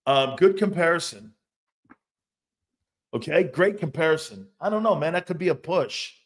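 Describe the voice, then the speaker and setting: A man's voice: a little high, moderate pace. A man hosting a sports talk show, reacting to fan comments in a loose, profane way and laughing often. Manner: animated, laughing, profane, loud outbursts.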